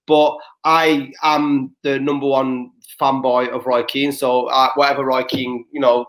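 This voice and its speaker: A young man with a medium-pitched, fairly bright voice co-hosts a podcast. In casual chat he tells rambling, sweary stories full of restarts.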